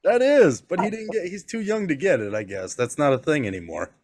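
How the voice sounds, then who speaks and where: A man's voice: fairly high pitch, brisk. A man co-hosting a podcast, a father telling profane stories in casual chat and acting out the quotes. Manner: animated, profane storytelling with acted-out quotes. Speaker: podcast co-host.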